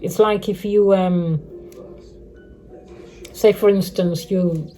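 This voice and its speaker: Mellow-voiced woman rambling through her worries. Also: lowish voice, steady tone, slow pace. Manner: rambling, repeats herself, many restarts. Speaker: vlogger. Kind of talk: casual personal update to viewers. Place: living rough on the streets.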